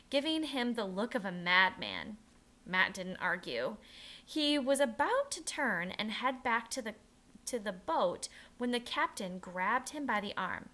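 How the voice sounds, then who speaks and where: A woman narrating a children's historical novel aloud, expressive, with occasional restarts and self-corrections. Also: medium pitch.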